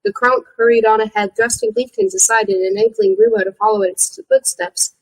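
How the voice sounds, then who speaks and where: A woman reading a novel aloud in a steady storytelling manner. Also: on the high side, brisk, gravelly, poor audio. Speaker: audiobook reader.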